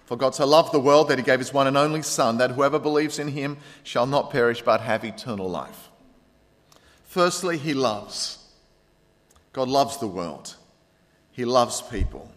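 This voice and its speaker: A man preaching a sermon as pastor, earnest, pressing on points and then dropping quiet. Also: medium pitch, expressive, normal speed. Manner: earnest preaching with rising emphasis and quiet drops. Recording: long hall reverb.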